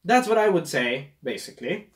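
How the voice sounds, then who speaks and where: A man's voice: a little high, very animated, normal speed. A man casually reviewing a movie, rambling and losing his train of thought, with a scratchy throat.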